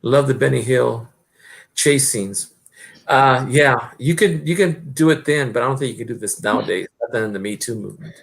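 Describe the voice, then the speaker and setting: With a gravelly mid-range voice at normal speed, a middle-aged man hosts a stream. He chats casually, rambling along with lots of fillers and false starts.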